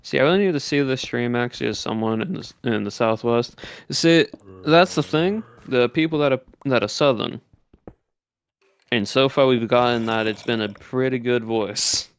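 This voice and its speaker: A man's voice: medium pitch, normal speed, clear, resonant tone. Rambling man, drawled Southern put-on voice. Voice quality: compressed, fairly monotone sound on his mic. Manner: rambling, many fillers, explains things loosely. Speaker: streamer. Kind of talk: casual stream chat. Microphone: desk microphone with built-in compression.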